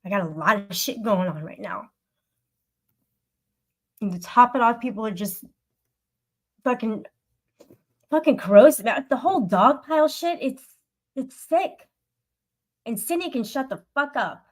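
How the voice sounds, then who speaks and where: A woman's voice: fairly high pitch, expressive, a little slow, long pauses. A woman livestreamer venting to her live chat, upset and swearing in an aggrieved rant. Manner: aggrieved, profane ranting.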